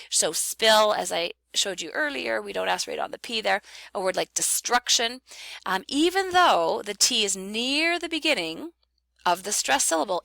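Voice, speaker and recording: A woman's voice: medium pitch, vocal fry, pushed and bright, no room sound. A woman teaching phonetics in a recorded online lecture, explaining patiently and repeating key terms for emphasis. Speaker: phonetics instructor.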